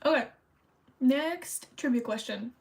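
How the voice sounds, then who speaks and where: High-voiced chatty woman streamer. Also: takes it slowly, gravelly, low-quality recording. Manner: chatty, rambling, self-conscious. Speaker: streamer hosting trivia. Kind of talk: casual livestream chat.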